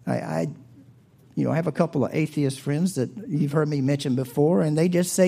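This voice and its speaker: A man preaching a sermon with an American accent, earnest and full of rhetorical questions, rising loud and then dropping to a hush. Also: on the high side, animated, a little fast, vocal fry, slightly rough. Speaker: pastor.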